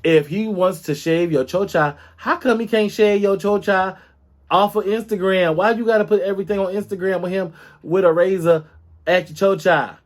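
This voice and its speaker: Man, sassy gossip host, slightly high voice, lively and dramatic. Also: normal speed. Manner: sassy, animated, addresses listeners as girl and baby. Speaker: podcast host. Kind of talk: casual gossip chat.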